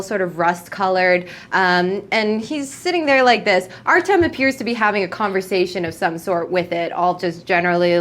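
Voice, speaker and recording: A woman narrating a tabletop game as game master, in loose, rambling description with many fillers. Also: medium pitch.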